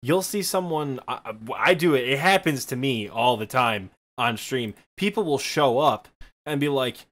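A man's voice: medium pitch, normal speed, a bit bright. A man with a thick Michigan accent, co-hosting a podcast in casual, rambling chat full of fillers and self-deprecating asides. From Midwestern United States. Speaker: podcast co-host.

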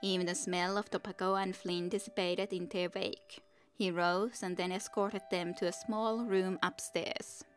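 A woman's voice: lowish voice, little pitch movement, measured pace, soft background music. A young woman streamer reading a fantasy novel aloud, with chatty asides to her viewers.

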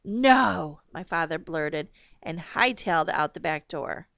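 A woman reading a novel aloud in a steady, measured narration. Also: sits low, clean tone, no room sound. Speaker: audiobook reader.

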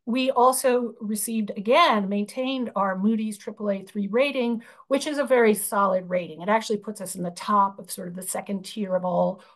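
A woman's voice: mid-range voice, fairly even intonation, normal speed, hardly any pauses. A woman chairing a union budget committee, presenting slides over a video call, explaining with frequent fillers and restarts.

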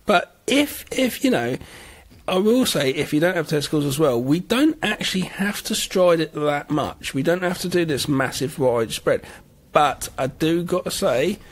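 A man's voice: fairly high pitch, slightly rough. A man co-hosting a podcast, chatting casually and cracking crude jokes. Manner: crude, joking interjections. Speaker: podcast co-host. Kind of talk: casual chat.

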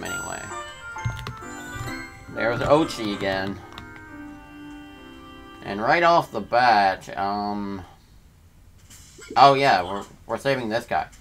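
Laid-back low-voiced young gamer guy. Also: creaky, fairly bright tone. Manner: laid-back, slangy, reacts aloud. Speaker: let's player. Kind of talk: casual gameplay commentary.

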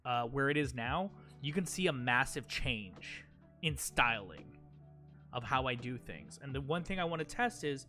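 A man's voice: mid-range voice, a bit bright. A man live-streaming a game, talking casually and directly to his chat viewers, rambling with many fillers and restarts while game music plays.

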